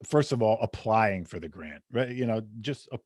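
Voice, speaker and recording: A man's voice: on the low side, lively intonation, normal speed, darkish tone, no room sound. Podcast host man, dry sound. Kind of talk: casual podcast interview.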